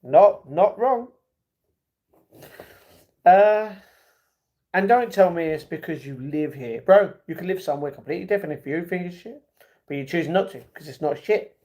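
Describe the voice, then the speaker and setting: Male streamer, slightly high voice, reads chat aloud and riffs on it. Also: animated, normal speed, pauses often, mellow. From United Kingdom. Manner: reads viewer comments aloud and reacts. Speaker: livestream host. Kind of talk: casual livestream chat.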